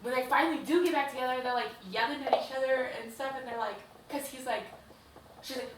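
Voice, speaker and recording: A woman's voice: high-pitched, steady tone, quick pace, distant mic. A young woman co-hosting a podcast, recapping a book in a gushing, profane, filler-heavy casual chat. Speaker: podcast co-host. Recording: echoey room, away from mic, faint hiss.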